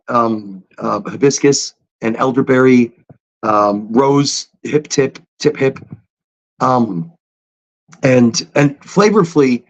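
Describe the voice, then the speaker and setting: A man hosting a casual livestream chat, talking in an animated, rambling way with chatty asides. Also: medium pitch. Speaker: livestream host. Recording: dull lo-fi stream audio.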